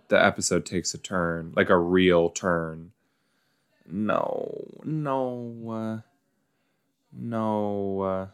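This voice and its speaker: Man, deep voice, slow pace, casual chatty reaction, podcast host. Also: clean tone. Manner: chatty, animated, many likes and you knows. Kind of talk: casual watch-along reaction.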